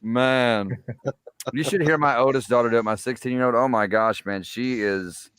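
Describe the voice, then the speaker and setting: A man in his forties talks in a relaxed, easygoing way on a live gaming stream and keeps dropping in "man." His voice is smooth and clear. The mic is close and dry. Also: medium pitch, moderate pace, no room sound. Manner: easygoing, says "man" often. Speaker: gaming YouTuber. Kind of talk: casual stream chat.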